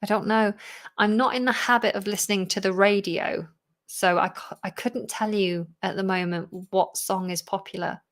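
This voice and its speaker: A woman's voice: mid-range voice, fairly even intonation, normal speed. A woman, a teacher answering viewer questions in a chatty live Q&A, laughing often and sounding a bit tired. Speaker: English teacher and channel host.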